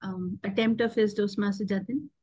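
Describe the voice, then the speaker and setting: A woman's voice: mid-range voice, steady tone, normal speed, darkish tone, breathy edge. A woman speaking hesitantly with fillers in an online club meeting. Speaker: meeting participant.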